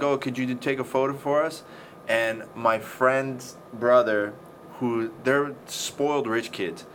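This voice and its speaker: A man's voice: medium pitch, fairly bright tone. A man telling a story in casual chat, swearing often and acting out the scenes. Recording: faint background noise.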